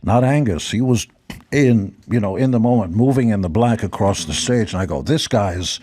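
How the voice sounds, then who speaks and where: An older man from Israel, a guest telling rock-tour stories in a relaxed chat, with dry joking asides. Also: fairly low pitch, a little fast, no room sound. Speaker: guest musician. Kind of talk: casual storytelling.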